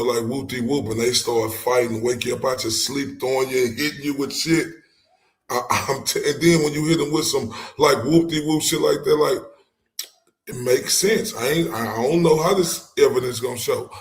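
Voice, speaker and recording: A man with a gravelly, mid-pitched voice reacts aloud in loose, slangy chat. He breaks into a replayed courtroom feed to give his own take. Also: poor audio. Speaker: streamer recapping a trial. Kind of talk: casual live commentary.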